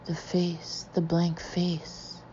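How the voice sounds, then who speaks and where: A haunted young woman adrift in a hypnotic trance, voiced by a woman narrator, murmuring in a thin, low, breathy voice. The audiobook recording is dull and lo-fi. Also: level tone, very slow, mellow, a little hiss or hum, exaggerated voice.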